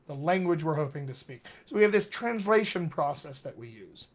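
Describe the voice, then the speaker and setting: A man's voice: fairly high pitch, expressive. A man teaching as a dialect coach on a live video stream, talking conversationally, often checking in with "all right?" and calling viewers his friends. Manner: slows down to stress key words. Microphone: webcam or computer mic on a live video stream.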